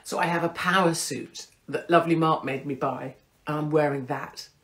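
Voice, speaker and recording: A middle-aged British woman hosts her own show, delivering a brash, self-mocking casual monologue packed with swearing. Her voice is low and a bit bright, with a steady tone and a moderate pace.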